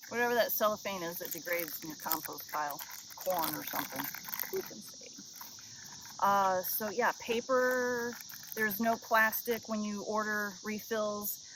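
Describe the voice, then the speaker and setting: A woman's voice: medium pitch, noisy background. A woman chatting casually to her viewers in a rambling, self-deprecating vlog, recorded on a head-mounted camera outdoors on a river island. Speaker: vlogger. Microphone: head-mounted action camera. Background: insects and nature sounds.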